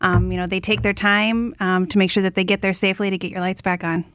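A woman's voice: mid-range voice, level tone, fast talker, fairly bright tone, dry recording. A woman representing a utility company on a studio radio interview, friendly and explaining with fillers.

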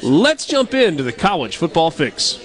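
A man hosting a sports talk radio show, reading sponsor spots in a brisk, upbeat way. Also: on the high side, very animated. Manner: brisk, upbeat ad-read delivery.

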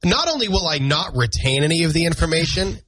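A man's voice: fairly high pitch, big pitch swings, fast, a bit bright, dry recording. A man hosting a morning radio show, joking and reading out listener comments in a studio. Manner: jokey, reads out listener comments. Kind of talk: casual radio banter.

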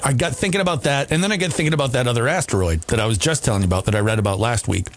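A man's voice: medium pitch, racing, faint music behind. A man hosting a morning radio show, chatting casually and rambling with restarts and laughs, in a groggy morning voice.

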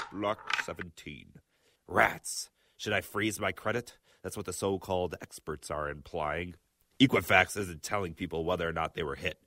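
A man delivering a comedic news segment in a theatrical, gruff mock-tough manner, like a pirate. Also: low voice, bright, forceful tone, no echo, studio quality. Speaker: tech news segment contributor.

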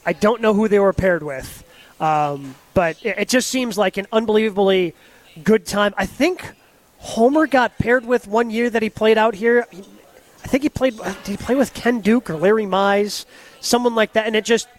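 Male radio co-host, high-pitched, casual, loose delivery with frequent restarts. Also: moderate pace. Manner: conversational, restarts and repeats words. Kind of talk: casual sports radio chat.

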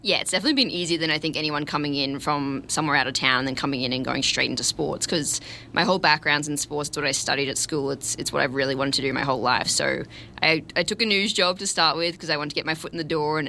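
Bright fast-talking Australian woman. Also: sits low, a little hiss or hum. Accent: Australian with slight American twang. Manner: bubbly, enthusiastic, quick storyteller. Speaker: sports reporter guest. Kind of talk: casual radio interview. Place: radio studio.

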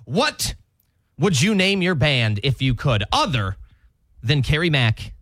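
A man's voice: on the high side, very animated, slow pace, fairly bright tone, no room sound, studio quality. A man co-hosting a country radio morning show, chatting casually and laughing often.

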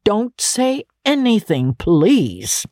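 A woman's voice: mid-range voice, wildly swooping pitch, very slow, darkish tone, no room sound, studio quality, pitched above the performer's own voice, full character voice. A woman voicing a joyful old man, a reformed miser who is eager and effusive. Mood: eager, earnest.

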